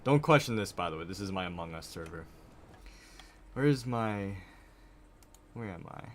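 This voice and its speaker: A man's voice: low-pitched, lively intonation, normal speed, a little hiss or hum. A young man live-streaming, chatting casually and rambling in a frazzled way straight to his viewers. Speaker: livestreamer.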